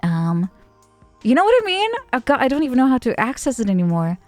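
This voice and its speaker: Giggly, excitable woman streamer. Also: on the high side, a little fast, faint music behind. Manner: playful and giggly, with bursts of excitement. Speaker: VTuber streamer. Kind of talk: casual stream chat.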